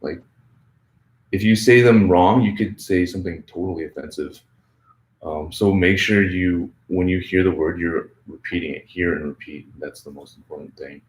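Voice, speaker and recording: A man with a deep, low voice answers viewer questions about learning English in a loose, chatty way, dropping plenty of "like" and "um". He sounds like a friendly teacher talking off the cuff. The sound is roomy and echoey. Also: moderate pace. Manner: relaxed, chatty, lots of "like" and "um". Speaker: English teacher, channel host.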